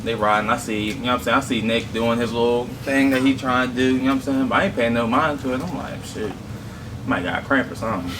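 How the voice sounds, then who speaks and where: A relaxed young man telling his side of a story in easy slang. He keeps checking in with "you know what I mean". He sounds distant from the mic, with steady noise in the background. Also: medium pitch, fast talker. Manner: laid-back, slangy, keeps asking "you know what I'm saying". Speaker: mukbang co-host. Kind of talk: casual storytelling.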